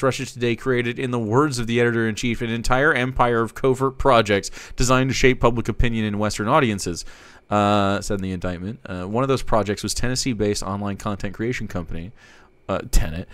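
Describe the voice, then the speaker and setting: Male streamer, smooth clear voice, dry close sound, sarcastic, swears a lot. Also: mid-range voice, fairly bright tone, no room sound. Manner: sarcastic, profane, chuckling asides. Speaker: streamer host. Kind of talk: live commentary on news.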